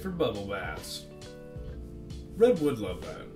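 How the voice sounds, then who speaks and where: A man's voice: medium pitch, very animated, a little slow, long pauses, music in the background. A man giving casual gameplay commentary, playful and jokey, often talking to himself. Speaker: let's play commentator.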